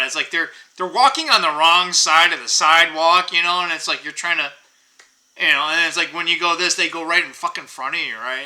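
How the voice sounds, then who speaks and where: A middle-aged man rants casually to his audience in a voice pitched a little high and strikingly bright. He rambles, swears often and fills his talk with "you know" and "like". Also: low-quality recording. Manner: rambling, profane, frequent fillers. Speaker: channel host. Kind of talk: casual rant to camera.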